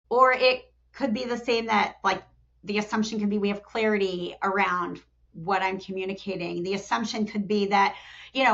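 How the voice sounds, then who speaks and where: A middle-aged woman speaking as a podcast guest, telling stories animatedly and acting out quotes, with frequent restarts and "you know.". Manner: animated storyteller, acts out quotes with jumps in pitch. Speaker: talent development executive, podcast guest. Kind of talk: conversational interview. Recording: dull lo-fi podcast audio.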